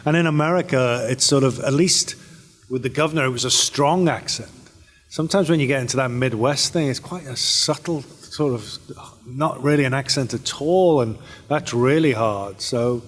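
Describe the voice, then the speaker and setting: At a convention panel, a British actor with a mid-range voice speaks at normal speed while fielding fan questions. Loose and rambling, he uses many fillers and often restarts sentences, with the long reverb of a large hall around him.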